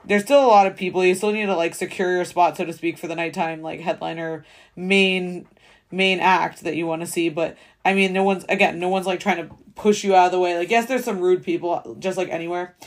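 Young woman, 20s, podcast host; fast, filler-heavy, casual monologue. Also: lowish voice, fairly even intonation. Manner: rambling, filler-heavy valley-girl talk with frequent swearing; fast, chatty storytelling.

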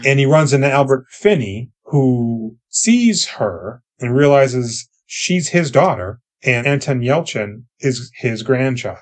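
A man co-hosts a movie podcast and walks through the plot in a casual, swearing style. He slips into quick voices for the characters as he recaps. He speaks at a middle pitch. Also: lively intonation. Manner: profane, acts out characters while recapping. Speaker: podcast co-host.

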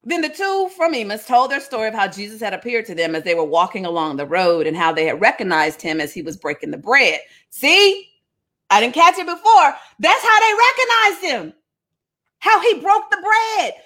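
A woman's voice: on the high side, very animated, moderate pace, a bit bright. A woman retelling a Bible story comically, with playful slangy asides and frequent laughs.

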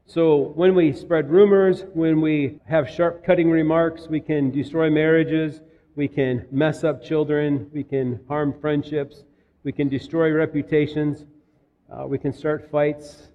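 A man's voice: on the high side, steady tone, measured pace, long reverb tail, narrow, tinny audio. A man from Minnesota preaching a sermon, telling stories in a conversational way. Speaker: pastor.

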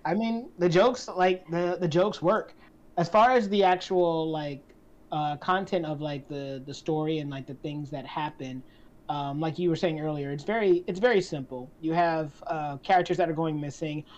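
Lower-voiced woman, lo-fi podcast mic. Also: moderate pace, a little mellow. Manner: thoughtful, restarts sentences, hedging. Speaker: podcast co-host. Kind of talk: casual chat. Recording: slightly dull lo-fi sound.

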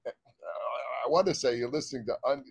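A man's voice: mid-range voice, quick pace, slightly rough, no echo. Man fumbling a station ID. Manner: stumbling, laughing at his own flubs. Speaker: guest musician. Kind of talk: casual interview chat.

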